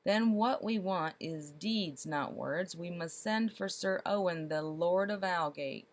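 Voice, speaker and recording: A woman voicing a fussy, excitable male village mayor who asks rising, insistent questions. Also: fairly low pitch, slow pace. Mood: agitated.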